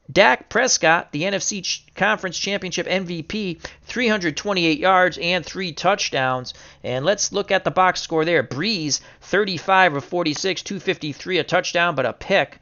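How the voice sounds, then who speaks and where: Casting note: male hobby commentator, bright and punchy, excitable, slightly dull recording. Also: sits high, moderate pace, few pauses. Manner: excitable, bursts into shouting over upsets. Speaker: video game sim commentator. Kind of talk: casual play-by-play commentary.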